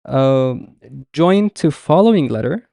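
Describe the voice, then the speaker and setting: A young man teaching a beginners' Arabic lesson live online, patiently explaining letters and repeating example words slowly. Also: fairly high pitch, animated, creaky, mellow, no echo, clean studio sound.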